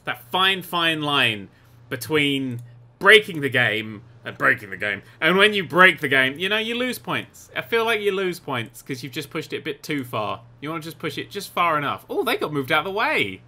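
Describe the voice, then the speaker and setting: Bright, animated gaming commentator. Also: male voice, a little high, normal speed. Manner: excitable, giggly, sarcastic asides. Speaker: gaming YouTuber. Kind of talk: let's play commentary.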